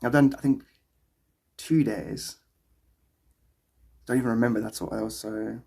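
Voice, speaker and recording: South African male streamer, husky and rough-edged, casual and rambling, reads chat aloud. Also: mid-range voice, fairly even intonation, measured pace, darkish tone. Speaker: livestreamer.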